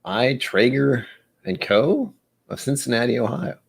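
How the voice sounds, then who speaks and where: A man's voice: mid-range voice, expressive, unhurried, gravelly, slightly rough. A man hosting a casual whiskey tasting vlog, chatty and rambling, who stumbles over words when he reads aloud. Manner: rambling, chatty, self-deprecating. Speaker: whiskey channel host.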